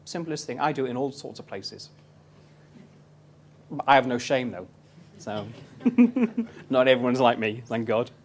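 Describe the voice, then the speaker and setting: A man's voice: mid-range voice, big pitch swings, a little slow, long pauses, a little hiss or hum. A man in his thirties giving a live property investment seminar, telling stories cheekily and quizzing his audience.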